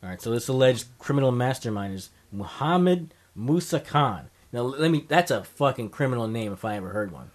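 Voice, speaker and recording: A man's voice: medium pitch, expressive, brisk, few pauses. A man hosting a casual comedy podcast, reading out strange news stories, laughing and swearing freely. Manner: swearing, laughing, reads headlines aloud.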